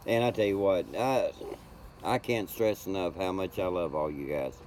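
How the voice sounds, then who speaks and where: An older man, chatting casually and rambling warmly with viewers on his home livestream. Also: sits low, normal speed, a little hiss or hum. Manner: folksy, rambling, greets chat by name. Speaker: livestream host.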